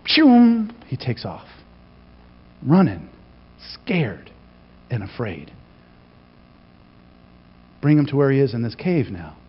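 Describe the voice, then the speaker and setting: A man preaching a sermon as pastor, telling the story with animated delivery and acting out the quoted lines. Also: mid-range voice, slow, pauses often, breathy edge. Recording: reverberant, dull lo-fi hall recording.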